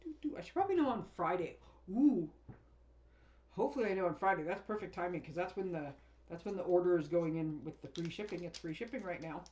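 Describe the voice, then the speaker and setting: A woman's voice: on the low side, lively intonation, fast, darkish tone, muffled recording. Chatty woman unboxing a craft kit. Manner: chatty, rambling, laughs often. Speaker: craft demonstrator. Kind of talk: casual unboxing chat.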